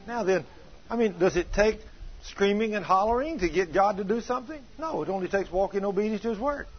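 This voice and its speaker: Male preacher, husky, lightly raised pitch, earnest sermon storytelling. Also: a little fast, lo-fi sound. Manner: earnest storytelling, quoting scripture.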